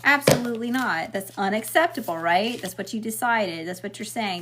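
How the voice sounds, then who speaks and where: A woman's voice: fairly high pitch, brisk, hardly any pauses, a bit bright, slight background noise. A middle-aged woman doing a casual spiritual tarot reading, emphatic and blunt, checking in with "okay?" and swearing freely. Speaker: tarot reader.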